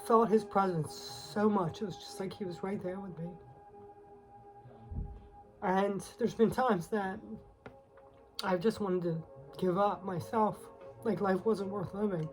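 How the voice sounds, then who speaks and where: A woman's voice: mid-range voice, fairly even intonation, a little slow, long pauses, soft background music, rough recording. A woman giving a casual tarot reading, emotional and close to tears, talking in a confiding way with many fillers. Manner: emotional, confiding, with frequent fillers and soft laughs. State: teary, on the verge of crying. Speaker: tarot reader.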